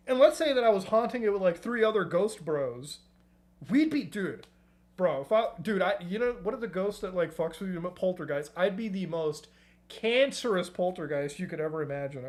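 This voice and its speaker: A man streaming, ranting casually in a rambling, profane and joking way. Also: sits high. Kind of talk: casual reaction-stream rant.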